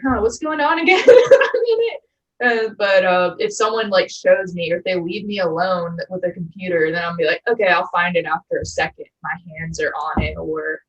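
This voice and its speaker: A young woman in her twenties hosting a podcast in casual chat, animated and quick to get excited, swearing casually. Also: lowish voice, dull audio. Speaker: podcast host.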